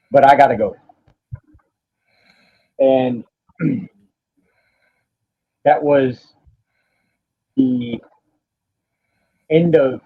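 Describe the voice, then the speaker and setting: A man, a podcast guest telling a painful personal story in a halting, profane way, stopping now and then to steady himself. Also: a little high, slightly rough. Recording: dull lo-fi audio.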